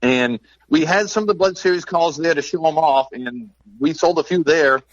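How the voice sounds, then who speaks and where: A talkative man telling upbeat stories in a relaxed podcast chat about his handmade calls. His voice is mid-pitched and sounds a little dull and dry, as if it came through a plain, lo-fi mic with no room echo. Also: normal speed. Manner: chatty, storytelling, upbeat. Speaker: game call maker, podcast guest.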